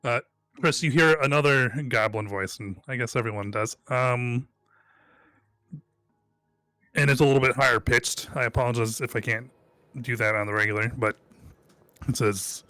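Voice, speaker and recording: A man's voice: medium pitch, normal speed, long pauses, sharp tone, dry recording. A man narrating as dungeon master for a tabletop game stream, in a loose, rambling way. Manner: rambling, many fillers and restarts.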